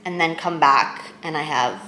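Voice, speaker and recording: A young woman vlogging in her apartment kitchen, chatting in a rambling, self-mocking way full of quick asides. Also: sits low, pushed and bright, echoey room, a little hiss or hum. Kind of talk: casual chatty vlog.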